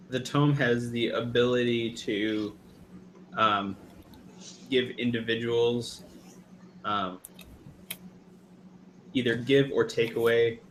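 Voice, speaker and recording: A man's voice: mid-range voice, fairly bright tone, a little hiss or hum. Hesitant male game master. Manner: hesitant, many fillers. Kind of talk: narrating a tabletop game.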